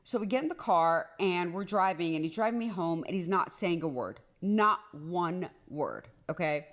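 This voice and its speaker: Animated woman telling a personal story. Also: lowish voice. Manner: animated, rushed, repeats herself with many "like"s. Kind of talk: casual storytime monologue.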